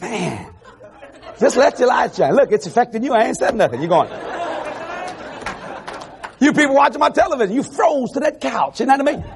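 A man preaching an animated evangelical sermon to a congregation on television, laughing and shouting asides as he goes. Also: very high voice, a little fast, gravelly, long pauses, a little hiss or hum. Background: faint congregation crowd.

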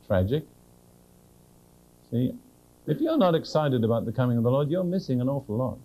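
A man preaching a sermon, earnest and direct, who slows down to read scripture with emphasis and keeps asking his listeners questions. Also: medium pitch, mellow, poor audio.

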